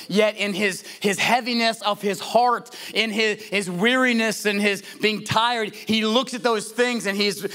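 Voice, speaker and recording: A man with a high, bright, forceful voice preaches a sermon. He talks in a conversational way, restarting phrases and asking the congregation rhetorical questions. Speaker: pastor.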